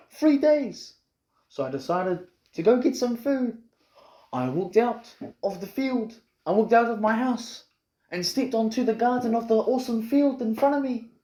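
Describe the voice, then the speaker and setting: A man's voice: high-pitched, warm tone. A man improvising a rambling, boastful, absurd comic story, recorded in an echoey room. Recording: roomy echo with faint noise.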